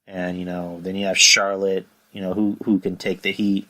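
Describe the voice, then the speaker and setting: Brief: profane podcast host, lowish bright voice, rambling and worked up. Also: male voice, little pitch movement, normal speed, poor audio. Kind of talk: casual wrestling review podcast.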